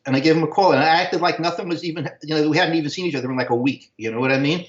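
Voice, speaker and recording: A man, casually telling animated stories, and he sometimes acts out voices in a high, excited tone. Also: very fast, hardly any pauses. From Brooklyn, New York. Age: 60s. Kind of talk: casual storytelling. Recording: echoey, dull video call audio.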